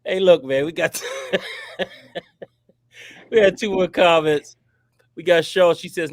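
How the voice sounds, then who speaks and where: A man's voice: high voice, fairly even intonation, takes it slowly, pauses often, dry recording. Upbeat male co-host reading comments. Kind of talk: casual podcast chat.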